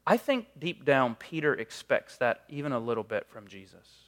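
A man's voice: mid-range voice, big pitch swings, moderate pace, fairly bright tone. A man preaching a sermon in a conversational, storytelling way, with frequent casual fillers.

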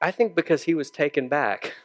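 A man's voice: a little high, fairly quick. Conversational male preacher telling a story. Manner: conversational storytelling, acts out dialogue. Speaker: pastor. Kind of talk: sermon.

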